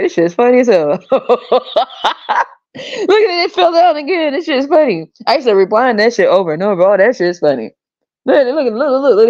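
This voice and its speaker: A woman hosting a podcast, ranting casually with profanity and frequent laughter, in a slightly dull recording. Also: on the high side. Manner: profane, animated, laughs often. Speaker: podcast host. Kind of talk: casual monologue rant.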